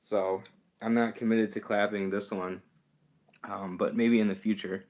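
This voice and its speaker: A man's voice: fairly low pitch, little pitch movement, measured pace, darkish tone. A man hosting a livestream, chatting casually and rambling with chuckles and self-deprecating asides. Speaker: livestream host. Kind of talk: casual chat reading live comments.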